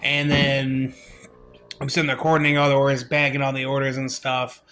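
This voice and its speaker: A young man telling a work story in a casual vlog, rambling and halting, acting out the quotes. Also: medium pitch, monotone.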